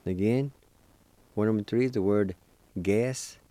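A man hosts a weekly program teaching a language lesson, spelling words syllable by syllable, repeating them slowly and urging beginners to practice. His voice is lowish with a dark tone, and there's no room sound.

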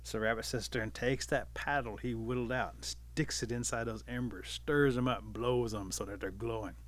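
A man telling an animal folk tale aloud in a lively, dramatic way. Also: mid-range voice, normal speed. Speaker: storyteller. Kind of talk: oral folk storytelling.

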